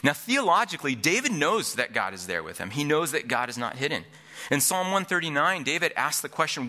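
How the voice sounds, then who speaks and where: A man's voice: a little high, sing-song, fast, sharp tone. A middle-aged man preaching a sermon as pastor, earnest, repeating each point for emphasis.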